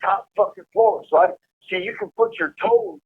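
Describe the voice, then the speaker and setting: A man telling a profane, animated prison story over a prison phone call. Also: high-pitched, normal speed, slightly rough. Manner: profane, animated storytelling, laughing at his own tale. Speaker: incarcerated caller telling prison stories. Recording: tinny phone line.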